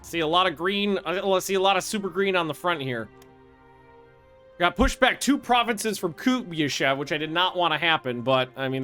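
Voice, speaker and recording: Excitable, swearing man commenting on a game. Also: fairly high pitch. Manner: excitable, swears freely, thinks aloud with restarts. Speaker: gaming video host. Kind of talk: casual strategy game commentary.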